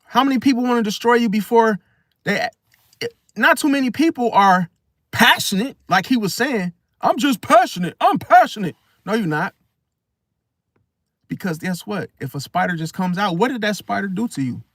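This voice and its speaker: A man's voice: sits high, normal speed, long pauses, fairly bright tone, no room sound, clean studio sound. A man, talking through a casual, preachy monologue about star signs and acting out other people's voices. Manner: preachy, acts out voices of others, repeats "see?" and "right?". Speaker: astrology commentator.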